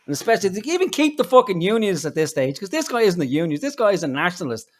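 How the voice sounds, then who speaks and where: A man's voice: high voice, sing-song, rapid-fire. Sweary ranting Irish man. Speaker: co-host. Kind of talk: profane comedic rant.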